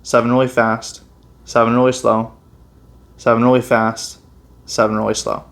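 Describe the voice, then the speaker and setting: A man, a chiropractor, explaining meditation and breathing techniques in a relaxed, casual way, with many fillers and restarts. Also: medium pitch, moderate pace. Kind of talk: casual health instruction.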